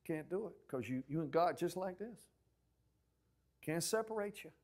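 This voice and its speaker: A man preaching a sermon as pastor, telling stories with acted-out quotes and swinging from loud outbursts to near-whispers. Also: on the high side, moderate pace. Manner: animated storytelling preacher, acting out quotes loudly then dropping to a hush.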